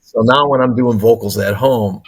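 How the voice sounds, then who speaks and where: A man's voice: mid-range voice, normal speed, gravelly, husky. A man in his sixties, a singer who is a guest on a podcast, talking in a thoughtful, agreeable way. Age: 60s. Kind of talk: casual interview chat.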